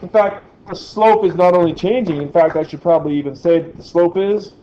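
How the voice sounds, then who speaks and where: A man's voice: sits high, brisk, dark tone, muffled recording. A man teaching a physics lesson in a classroom, quizzing the class as he goes. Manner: chatty, asks the class questions. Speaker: science teacher.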